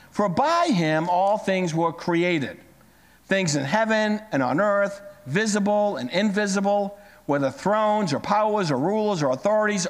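A man preaching a sermon as pastor, telling stories with big swings in his voice. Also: in a large hall. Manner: animated storytelling with big pitch swings.

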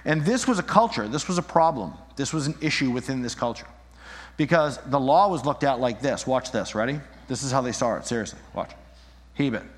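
A man preaching a sermon, animated, acting out little scenes and shifting his voice as he argues. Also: mid-range voice, a little fast. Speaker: pastor. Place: church. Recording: long reverb in a hall.

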